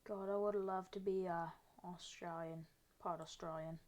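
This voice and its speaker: A woman's voice: lowish voice, fairly even intonation, moderate pace, darkish tone. A woman live streaming, chatting casually to an almost empty chat while she works on a map. She talks in a rambling, self-mocking way.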